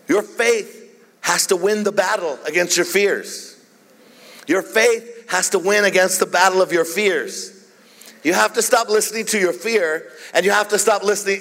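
A man's voice: sits high, fairly bright tone. A man preaching a sermon as a pastor, repeatedly calling out "Amen?" to the congregation. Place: church hall. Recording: long hall reverb.

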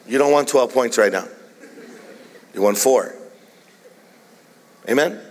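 Joking preacher in a reverberant hall. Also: male voice, medium pitch, slow. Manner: playful, jokey storytelling preacher. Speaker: pastor. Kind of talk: sermon. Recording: long reverb of a large hall.

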